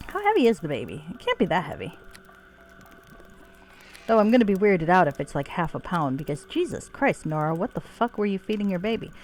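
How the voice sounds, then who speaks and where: Woman streamer rambling over her game, swears a lot, lowish voice that bounces around, quiet music behind. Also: huge pitch swings, a little fast. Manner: chatty, swearing, self-mocking. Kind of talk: casual gameplay commentary. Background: faint game music.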